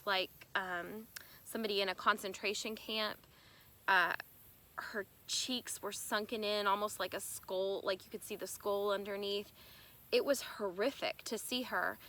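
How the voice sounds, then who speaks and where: A young woman giving a personal testimony in an earnest, halting, emotional way. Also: medium pitch, pushed and bright. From United States. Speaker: bereaved sister telling her story.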